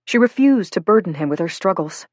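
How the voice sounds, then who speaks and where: Woman narrator, low voice, dry close-mic, measured audiobook read. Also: expressive, darkish tone, dry recording. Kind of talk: scripted narration.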